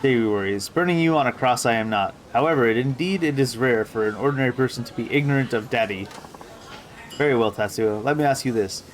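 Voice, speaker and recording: A man voicing an eccentric, pompous woman singer in a video game, speaking in inverted word order and dropping in stray French words. He reads her lines slowly and a little lower than his own voice. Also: a little hiss or hum, close to an everyday voice. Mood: haughty.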